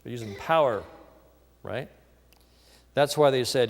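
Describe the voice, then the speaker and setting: A male pastor preaching a sermon, telling the story lively and acting out the people in it. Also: mid-range voice, a little slow, in a large hall. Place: church.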